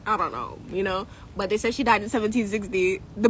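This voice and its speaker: A woman's voice: medium pitch, fairly quick, a little hiss or hum, low-quality recording. A young woman with a Jamaican accent, a spiritual coach telling history to her viewers in a casual, jokey way and slipping into patois. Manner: jokey and animated, laughs often, slips into patois. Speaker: spiritual coach and YouTube host.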